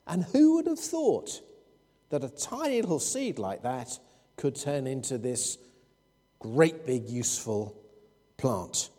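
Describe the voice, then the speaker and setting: A man's voice: medium pitch, big pitch swings, slow, pauses often, mellow. A man preaching a sermon, explaining scripture and telling anecdotes with quoted dialogue. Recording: long hall reverb.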